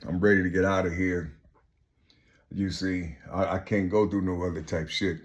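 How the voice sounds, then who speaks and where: Husky middle-aged man rambling profanely. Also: level tone, moderate pace. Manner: profane, repetitive, swings from loud boasting to low mumbling. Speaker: vlogger. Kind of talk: rambling outdoor monologue. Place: outdoors among trees.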